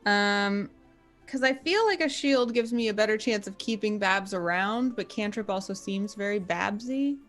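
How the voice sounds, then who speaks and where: A woman's voice: mid-range voice, moderate pace, fairly bright tone, soft background music. A woman playing a tabletop game, thinking aloud and reading rules out in a casual way. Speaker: player.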